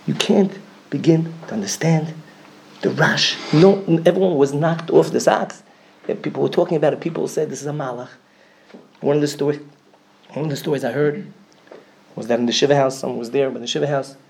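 A man with a Yeshivish English accent giving a sermon, telling a story with strong swings from loud emphasis to a near whisper. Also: medium pitch, vocal fry. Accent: Yeshivish English, Yiddish and Hebrew words. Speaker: rabbi giving a talk.

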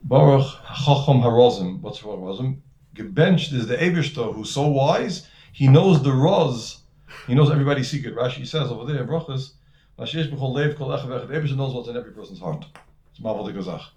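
A man's voice: medium pitch, lively intonation, fast talker, a little mellow. A man with giving a conversational Torah lecture as a rabbi, full of Hebrew and terms and repeated words. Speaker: rabbi teaching a class.

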